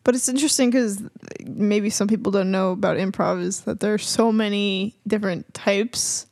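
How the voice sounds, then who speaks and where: A woman's voice: mid-range voice, steady tone, normal speed, darkish tone, no echo, studio quality. A woman co-hosting a podcast in casual chat, giggling often. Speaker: podcast co-host.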